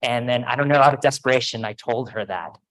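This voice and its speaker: A man's voice: mid-range voice, fast, fairly bright tone, rough recording. A man speaking at a podium microphone in a large auditorium, giving a casual, self-deprecating ceremony speech full of stories. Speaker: faculty speaker.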